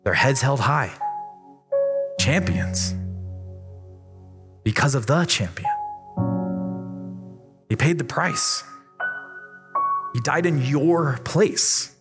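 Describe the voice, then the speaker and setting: A man's voice: very slow, pauses often, over loud music. A man preaching an emphatic, repetitive youth sermon in a church youth room. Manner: emphatic, repetitive preaching that climbs in pitch when excited. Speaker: youth pastor.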